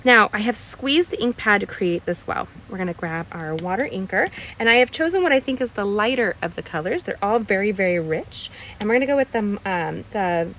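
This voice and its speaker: A woman's voice: mid-range voice, animated, a little fast, few pauses, fairly bright tone, slight background noise. A woman from the Midwest hosting a live card-making tutorial, upbeat and chatty, talking to viewers as friends from her craft room.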